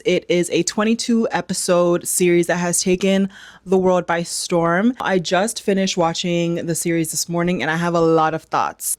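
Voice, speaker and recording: A woman's voice: on the low side, no room sound, studio quality. A young West African woman with a slight South African lilt, chatting emphatically as she reviews a show straight to her viewers. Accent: South African-tinged. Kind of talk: casual direct-to-camera review.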